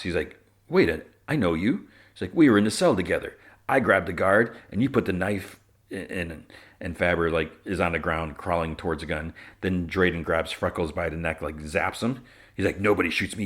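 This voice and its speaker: A man's voice: deep voice, fairly bright tone. A man hosting a podcast, recapping a TV episode in a rambling, casual way full of fillers. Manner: rambling, filler-heavy retelling with quoted lines. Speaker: podcast host.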